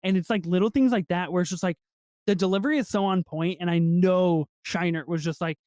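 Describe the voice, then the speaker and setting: A man co-hosting a podcast in casual film review chat, excitable and swearing freely as he acts out movie lines. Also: high voice, brisk, dry recording, studio quality. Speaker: podcast co-host.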